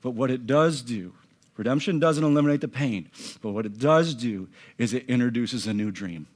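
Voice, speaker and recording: A man preaching a sermon from a church stage, swinging between loud emphatic lines and hushed, near-whispered passages. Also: mid-range voice, normal speed. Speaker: pastor.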